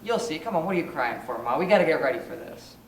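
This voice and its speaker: A man's voice: on the high side, expressive. A young man in a school play, acting a nervous groom who pleads with his mother. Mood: reassuring. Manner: hurried, anxious stage delivery. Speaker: student actor in a school play. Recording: distant stage voice, echoey hall, noisy.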